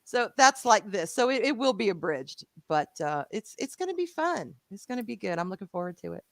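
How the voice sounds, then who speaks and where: A woman with a Southern US accent co-hosting a live show in casual, animated chat, swearing freely. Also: medium pitch, brisk, no echo.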